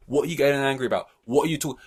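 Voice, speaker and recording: A man's voice: mid-range voice, very fast. A man hosting a solo podcast, ranting in an exasperated, rambling way with many fillers and restarts. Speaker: podcast host.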